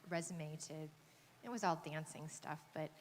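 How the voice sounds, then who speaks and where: A woman's voice: low-pitched, normal speed. A woman from Texas, an actress on a convention panel, telling a casual anecdote with many fillers, restarts and laughs. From Texas, USA. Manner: hesitant, lots of fillers and restarts, laughs often. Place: large convention hall panel. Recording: echoey convention hall, faint noise.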